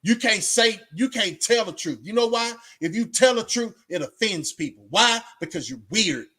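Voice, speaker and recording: A man's voice: high-pitched, lively intonation, moderate pace, pushed and bright, breathy edge. A man hosting a livestream, talking to viewers in a casual, rambling monologue full of streetwise slang and restarts. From Texas. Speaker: livestream host.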